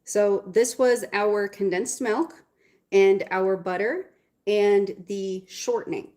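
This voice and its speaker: A woman's voice: medium pitch, steady tone, takes it slowly. A woman hosting a live baking stream from her home kitchen, chatting casually and bluntly with her viewers as she works. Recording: loud hiss and appliance noise.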